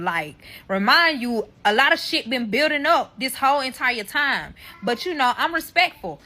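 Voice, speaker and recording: A woman recounts a personal story to her viewers, cursing constantly and talking to them as y'all. Her voice sits a little high and sounds bright. She is heated and animated throughout. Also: normal speed, hardly any pauses. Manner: addresses listeners as y'all. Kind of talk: personal story told to camera.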